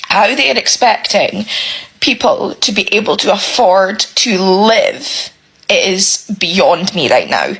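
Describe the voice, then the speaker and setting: A single parent, a woman with a mid-range, husky, slightly bright voice, rants emotionally to camera about her struggles, close to tears. She speaks slowly in a sing-song way, swears heavily, repeats herself and sounds exasperated, on a rough recording.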